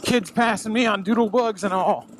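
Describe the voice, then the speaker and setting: Breathless dirt-biker over a roaring engine. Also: male voice, sits high, normal speed. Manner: profane, self-mocking, talkative. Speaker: dirt bike racer vlogging. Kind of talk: casual self-talk commentary while riding. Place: outdoors on a dirt bike trail in the woods. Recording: loud engine noise behind the voice.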